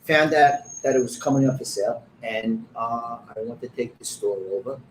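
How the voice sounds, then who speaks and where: A middle-aged man tells a story with blunt, animated energy. He acts out every line of the quoted dialogue. He sits in a roomy, echoing back room with clear construction banging and ambient noise behind him. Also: medium pitch, normal speed. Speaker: pizzeria owner. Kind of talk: storytelling in an interview.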